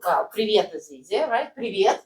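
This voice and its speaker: A woman's voice: mid-range voice, expressive, moderate pace, roomy sound, distant mic, crowd noise, poor audio. A woman who speaks Russian natively, teaching a language lesson in English and having the learner repeat phrases after her. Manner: patient, drills phrases for repetition, checks with "right?".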